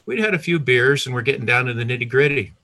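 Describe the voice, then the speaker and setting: A man's voice: mid-range voice, expressive, fast talker, sharp tone. An older retired man telling a personal story in a conversational way, with restarts and self-corrections.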